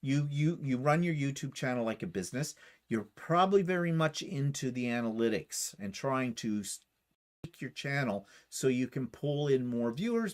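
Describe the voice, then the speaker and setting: A Canadian man co-hosting a quilting channel livestream, talking casually and rambling, with lots of fillers and self-deprecating asides. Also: medium pitch. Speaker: YouTube quilting channel co-host.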